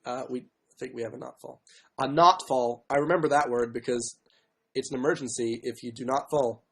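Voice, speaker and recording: A man hosting a casual livestream, with a sore throat and frequent throat clearing, who mocks himself and keeps apologizing and giving up on songs. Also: medium pitch, fairly even intonation, normal speed, fairly bright tone, slight background noise. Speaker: livestream host. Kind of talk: casual livestream chat with ukulele. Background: faint ukulele strumming.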